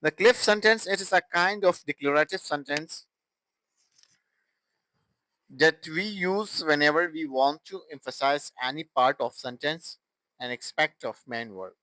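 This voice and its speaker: Slow, halting man teaching grammar. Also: a little high, sharp tone, no room sound, rough recording. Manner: halting, with restarts and broken phrasing. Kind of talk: classroom grammar explanation.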